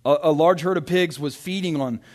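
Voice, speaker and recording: Male pastor, slightly high voice, relaxed animated sermon delivery with frequent self-interruptions. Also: fairly quick. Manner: conversational, animated, with stammered restarts.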